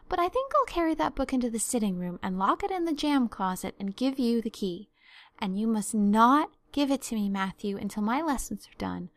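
Eager, effusive young girl, a little high, dry close sound, voiced by a woman reader. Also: dry recording. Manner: eager, effusive, quick to dramatize. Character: chatty imaginative young girl, eager and dramatic.

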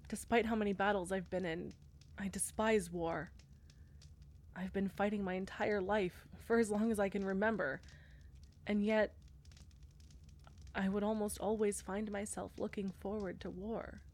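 A woman's voice: medium pitch, steady tone, a little slow, long pauses. A woman playing a bashful war-weary knight. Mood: shy, tender. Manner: hesitant and bashful, many soft fillers. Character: shy, war-weary female knight commander. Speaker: audio role-play performer. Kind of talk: audio role-play.

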